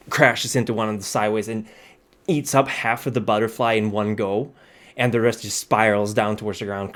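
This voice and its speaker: A man narrating a tabletop game as game master, relaxed and matter-of-fact, with frequent ums. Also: on the low side.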